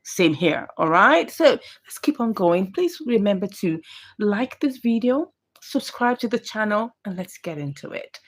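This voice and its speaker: A woman recapping a drama film for viewers, scolding the characters in animated, exclamatory commentary. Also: medium pitch, measured pace. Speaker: movie reviewer.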